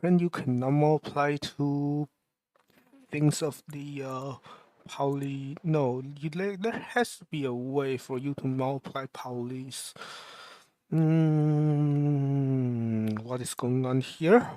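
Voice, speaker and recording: A man livestreaming while he programs, thinking aloud in a mumbling, halting way and questioning himself as he goes. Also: on the high side, mellow, no echo.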